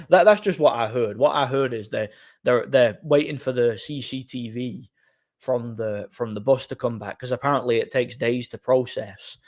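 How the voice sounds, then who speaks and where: A man hosting a livestream, telling a rambling anecdote in an animated, casual way and acting out quoted dialogue. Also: mid-range voice. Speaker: livestream host. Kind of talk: casual storytelling to a live audience.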